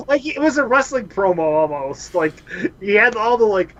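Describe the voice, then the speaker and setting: A man's voice: high voice, moderate pace, rough recording. A man co-hosting a casual podcast, telling stories. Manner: animated storyteller, laughs often. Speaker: podcast co-host. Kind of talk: casual chat.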